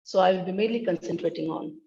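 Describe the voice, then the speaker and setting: A woman's voice: on the low side, fast, gravelly, mellow, lo-fi sound. Woman giving a careful academic talk. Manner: careful, demonstrates tones by example. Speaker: linguistics researcher presenting.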